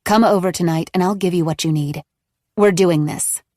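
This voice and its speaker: A woman voicing a scheming, manipulative woman who speaks low and measured in an audiobook. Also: darkish tone, dry recording, studio quality, close to an everyday voice. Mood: cold. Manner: low, measured, coolly defiant.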